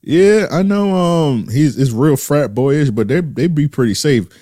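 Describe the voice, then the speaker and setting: A man's voice: a little high, animated, a little slow, mellow, no echo, studio quality. A man co-hosting a casual chat, bantering loosely with heavy slang.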